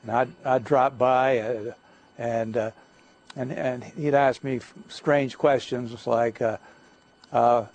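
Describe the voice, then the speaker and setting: An older man giving a guest lecture, telling stories in a halting way, with many fillers and restarts. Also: mid-range voice, steady tone, darkish tone. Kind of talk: anecdotal lecture talk. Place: lecture hall.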